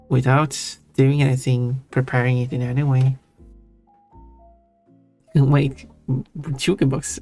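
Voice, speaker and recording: Streamer guy, mid-pitched, halting casual chat with viewers, soft music behind. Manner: halting, restarts often, chuckles while answering chat. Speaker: livestream host. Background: faint background music.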